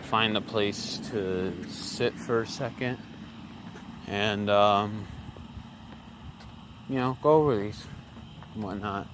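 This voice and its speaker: A man films himself on a handheld camera as he moves about the countryside at dusk, offering rambling, sarcastic political remarks packed with fillers and false starts. He speaks low and slowly, leaving long pauses, over a noisy background.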